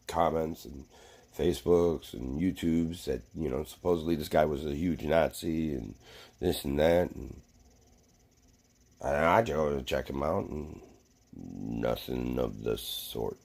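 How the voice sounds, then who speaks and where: A man's voice: very deep voice, gravelly, darkish tone. A man vlogging a casual, rambling rant to camera, swearing freely and full of fillers and restarts.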